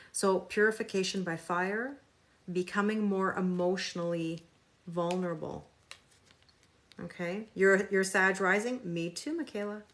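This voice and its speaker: With a lowish voice, a woman leads a live tarot stream, reading card interpretations aloud. Her chat with viewers is casual, sarcastic, and talkative.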